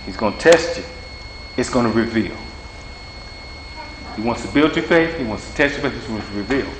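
A man's voice: medium pitch, lively intonation, normal speed. A man preaching an informal sermon in a plain-spoken, folksy way, acting out little dialogues, then leading a prayer. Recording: echoey hall with faint hum.

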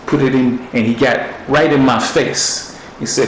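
A man's voice: mid-range voice, steady tone, a little slow, hardly any pauses, slight background noise. A man preaching a sermon in an earnest, conversational storytelling way. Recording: roomy echo with faint ambience.

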